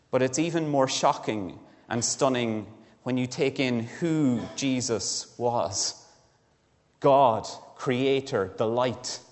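A man preaching in a church, with a middle-pitched voice that he keeps conversational. He asks his listeners direct questions. A long reverb trails after his words through the hall. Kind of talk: sermon.

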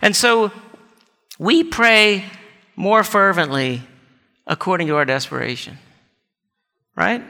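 Bright-voiced preacher man in a hall. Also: on the high side, animated, measured pace, vocal fry, pauses often. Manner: earnest preaching with rhetorical questions. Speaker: pastor. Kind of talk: sermon. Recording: reverberant hall.

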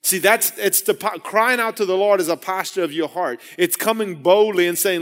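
A man's voice: high-pitched, normal speed, hardly any pauses, fairly bright tone. A man preaching a sermon in an earnest way, often repeating and restarting his phrases and building to emphatic raised passages.

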